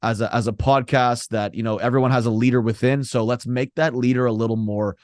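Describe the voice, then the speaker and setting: A man's voice: mid-range voice, fairly even intonation, brisk, no echo, clean studio sound. A man hosting a podcast, upbeat and thankful, talking casually with many fillers. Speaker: podcast host.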